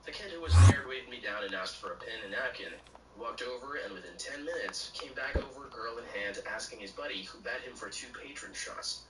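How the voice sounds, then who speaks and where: A man's computer-generated voice reading short stories aloud in a flat, even way. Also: mid-range voice, brisk. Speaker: story narrator. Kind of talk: text-to-speech reading of bartender stories. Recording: echoey, distant, noisy.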